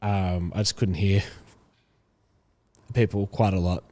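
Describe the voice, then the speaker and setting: A man's voice: low voice, flat delivery, slow, warm tone. A young man, a podcast guest, talking casually and rambling with lots of fillers. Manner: chatty, rambling with many fillers. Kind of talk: casual chat.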